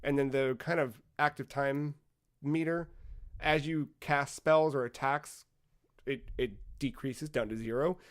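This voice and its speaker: A man co-hosting a casual gaming podcast, retelling game scenes with lively acted-out dialogue and casual swearing. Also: mid-range voice, unhurried. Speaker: podcast co-host.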